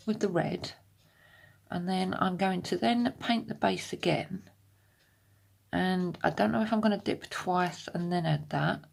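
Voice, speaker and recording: A woman talks through a nail tutorial at a slow, unhurried pace, her voice full of creaky, gravelly fry. The tone is husky and a little low, and she chats as she works, now and then dropping to a half-whisper. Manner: chatty, slow and explanatory, drifting into half-whispers. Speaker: nail art vlogger. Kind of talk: casual step-by-step tutorial narration. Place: home room at her desk.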